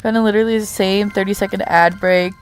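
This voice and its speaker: A young woman talks to her live-stream chat while drawing. Her voice sits at an ordinary middle pitch, and her manner is playful and chatty. She reads viewers' messages aloud and answers them. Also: fairly even intonation, quick pace, clean tone. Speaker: art streamer.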